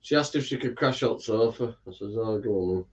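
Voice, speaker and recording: A man's voice: lowish voice, quick pace, slightly rough. A man in the room joining a casual live chat in an offhand, chatty way.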